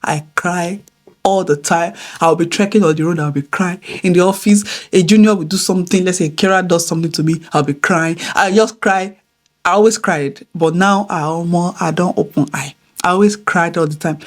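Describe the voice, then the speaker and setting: Husky, lively woman telling a story. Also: lowish voice, normal speed. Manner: animated, swings between loud exclamations and hushed near-whispers. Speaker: vlogger telling a family story. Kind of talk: casual storytelling to camera.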